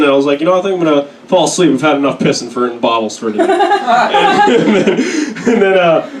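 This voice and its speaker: Young male comedian, crude self-mocking stories, slightly high voice, echoey room heard from a distance. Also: a bit bright, a little hiss or hum. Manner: crude, self-deprecating storytelling with quick put-on voices. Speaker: stand-up comedian. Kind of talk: stand-up set. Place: comedy club stage. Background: audience laughter.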